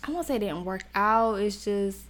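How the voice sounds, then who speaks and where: A woman's voice: mid-range voice, moderate pace, fairly bright tone. A young woman as a podcast guest, talking frankly and laughing as she talks. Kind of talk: casual chat.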